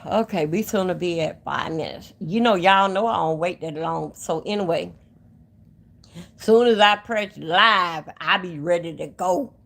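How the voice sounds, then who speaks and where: This livestream host has a lowish, creaky, somewhat bright voice and takes her time, rambling casually and addressing chat directly, all picked up on a phone mic.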